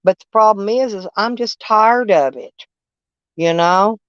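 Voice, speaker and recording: A woman's voice: mid-range voice, measured pace, no echo. An older woman with a drawl rambles through a casual live chat, folksy and blunt, swearing freely. She speaks from her camper over dull, lo-fi stream audio with a close, dry sound.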